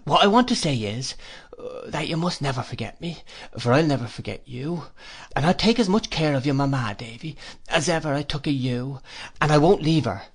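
A man reading an audiobook, voicing a kind working-class nursemaid who speaks tearfully in broken little sentences, pitched above his own voice. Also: lively intonation, moderate pace, hardly any pauses, a bit bright, slightly rough, exaggerated voice.

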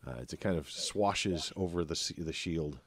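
Male game master with a deep voice and a loose, uh-filled narration style. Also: normal speed, slightly rough, no echo. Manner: relaxed, many filler uhs.

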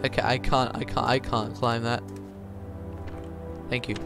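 A man playing a voice-controlled game and talking to his viewers in a chatty, confused way, now and then breaking into loud high yells, with his mic held close to his mouth. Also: little pitch movement, a little slow, vocal fry, soft background music. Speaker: gaming YouTuber. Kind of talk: casual let's play commentary. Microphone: handheld mic held close to the mouth.

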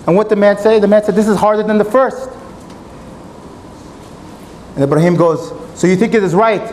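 Male preacher, high-pitched, earnest sermon delivery with faint background noise. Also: a little mellow, low-quality recording. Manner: earnest, retelling a story with quoted dialogue. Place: mosque.

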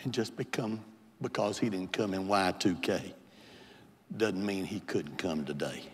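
A man's voice: low-pitched, measured pace. An older man, a bishop, preaching an impassioned Pentecostal sermon and altar call in a large church sanctuary. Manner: impassioned, pleading preacher who builds to hollering. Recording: long hall reverb in a big church.

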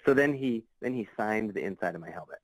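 Guy on a podcast rambling through a story, lots of ums and restarts, lowish voice, dry close mic. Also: expressive, fast talker, no echo, low-quality recording. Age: adult. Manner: rambling, many fillers and restarts. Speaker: podcast guest. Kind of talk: casual storytelling.

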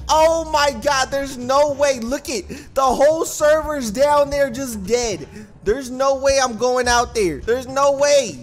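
A man giving excitable gameplay commentary as a gaming YouTuber, yelping and screaming when scared. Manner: rapid high-pitched panicky exclamations.

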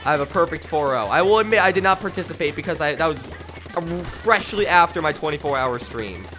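Brief: male gamer streamer, bright animated voice, rambling late-night commentary, faint game music behind. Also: a little high, a little fast. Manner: excitable, rambling, bursts into shouting. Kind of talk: live gameplay commentary.

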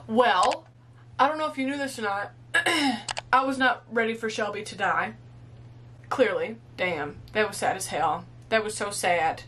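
A woman's voice: medium pitch, unhurried, fairly bright tone, slight background noise. A young woman, hosting a movie reaction video. She gushes emotionally, swears and laughs freely, and sounds teary after a big cry. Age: 20s. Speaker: host.

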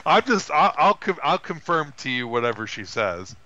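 Animated man retelling a movie. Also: normal speed, no room sound, highs cut off. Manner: animated retelling with high put-on voices for quoted characters. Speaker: podcast co-host. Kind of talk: casual chat, film review.

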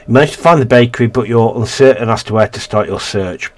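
A man's voice: mid-range voice, quick pace, slight background noise. A man casually reading a narrative game's text aloud and commenting, often stumbling and correcting himself. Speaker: let's-play gamer.

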